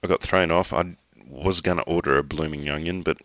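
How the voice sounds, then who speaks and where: A middle-aged Australian man with a remarkably deep, low voice hosts a casual podcast. He wanders through his story with false starts and the odd swear word. The sound is dry, with no room echo. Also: steady tone, fairly bright tone. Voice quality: rambling, talks in halting restarts, swears casually. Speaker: podcast host.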